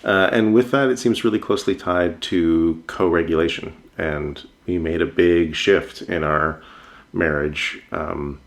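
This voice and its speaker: A man's voice: deep voice, steady tone, measured pace. A man co-hosting a podcast, speaking thoughtfully and hesitantly in casual conversation with his wife. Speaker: podcast co-host.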